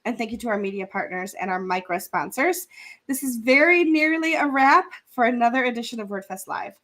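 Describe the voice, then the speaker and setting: A woman's voice: on the high side, lively intonation, brisk, fairly bright tone. Chatty woman hosting a live stream. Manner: chatty, laughs often, sponsor thank-yous. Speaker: event host. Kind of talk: casual live-stream chat. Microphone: remote video call.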